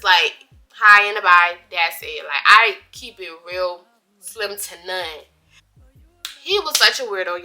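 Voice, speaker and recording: Animated young woman telling a storytime. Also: mid-range voice, noisy background. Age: young adult. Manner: chatty, animated, dramatic retelling with asides to viewers; drawled slang, casual speech. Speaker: vlogger. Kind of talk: storytime vlog.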